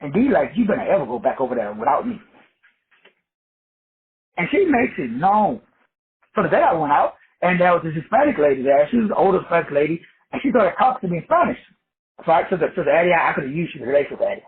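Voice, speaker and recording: A man with a high, very husky and raspy voice tells stories in a loose, profane way, stumbling through repeated restarts. The sound is thin and tinny, like a phone line. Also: very animated, quick pace. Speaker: metaphysics teacher. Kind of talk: casual profane storytelling talk.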